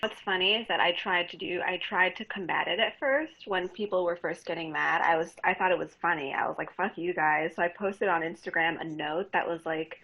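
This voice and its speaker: A fairly low-pitched woman speaks candidly as a guest comedian, often breaking into laughter mid-story. The recording sounds slightly dull and lo-fi, like a casual podcast. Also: brisk, vocal fry, few pauses, bright, forceful tone. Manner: candid, laughs often while telling stories.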